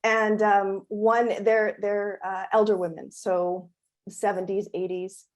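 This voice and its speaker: Woman, panel moderator, author, expressive storyteller, heartfelt opening talk. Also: mid-range voice, slow pace.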